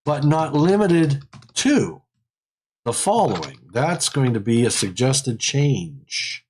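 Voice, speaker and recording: A man's voice: mid-range voice, very animated, slow, a little mellow, slightly rough. A man hosting a live technical webinar in a casual way. He rambles, repeats phrases and laughs often. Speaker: livestream host.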